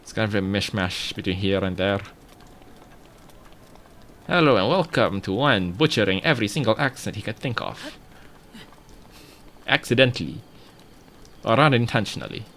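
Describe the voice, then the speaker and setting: A man's voice: on the low side, lively intonation, normal speed, pauses often, fairly bright tone, a little hiss or hum. A male streamer giving casual gameplay commentary, talking to himself, humming and joking as he plays. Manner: talks to himself, hums and jokes while playing.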